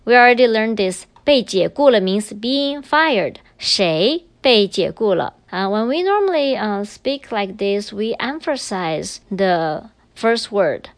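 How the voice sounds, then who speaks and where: Lively patient woman teaching grammar. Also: fairly high pitch, a little slow, hardly any pauses, no room sound. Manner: patient, switches between English and Chinese. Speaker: language teacher. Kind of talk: explaining grammar in a recorded lesson.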